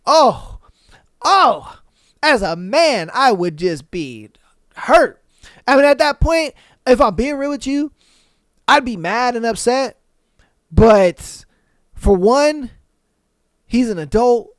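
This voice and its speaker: A man hosting a podcast, reading posts aloud and reacting bluntly in slangy talk with loud exclamations. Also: very high-pitched, expressive, slow pace, long pauses, dry recording, studio quality. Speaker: podcast host.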